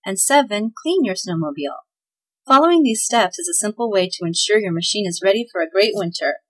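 Breathy-voiced woman storyteller. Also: medium pitch, animated, a little fast, low-quality recording. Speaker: podcast host and storyteller. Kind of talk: scripted narration.

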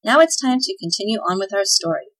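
A woman hosting a holiday podcast, reading news, listener tips and a chapter story in a cheerful, steady scripted narration. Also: medium pitch, fast talker, poor audio.

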